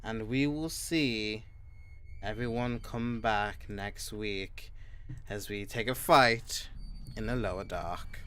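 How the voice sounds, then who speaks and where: A young man running a tabletop game as game master, narrating slowly with many ums and pauses. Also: lowish voice, a bit bright, a little hiss or hum. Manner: slow, halting narration full of ums and uhs.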